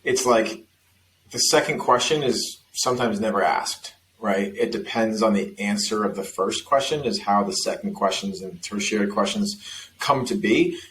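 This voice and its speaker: A man hosting a casual sales podcast, talking in a relaxed, rambling way. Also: fairly low pitch, moderate pace, slight background noise, poor audio. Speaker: host.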